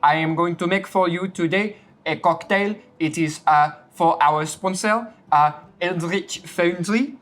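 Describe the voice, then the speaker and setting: A woman's voice: fairly low pitch, close to an everyday voice. A woman doing a little French boy bartender. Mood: deadpan chatty. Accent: mock French. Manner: halting, chatty bartender patter with many fillers. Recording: clear music under the voice. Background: music.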